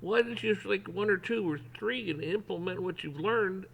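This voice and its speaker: A man's voice: high voice, normal speed, vocal fry, a bit bright, pitched above the performer's own voice, full character voice, rough recording. A man voicing an incredulous male self-help speaker who lectures a fan. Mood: exasperated.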